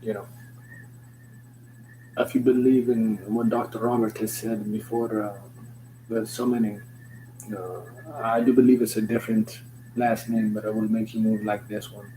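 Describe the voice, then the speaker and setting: A man's voice: fairly low pitch, little pitch movement, normal speed, long pauses, mellow, low-quality recording. A young man rambling through a joking, slangy, stream-of-consciousness vlog with loose swearing. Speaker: vlogger. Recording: noticeable background hum.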